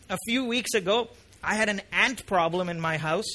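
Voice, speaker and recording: A man's voice: sits high, normal speed, bright, forceful tone. A middle-aged man preaching a sermon as a pastor, talking casually and then rising to impassioned emphasis.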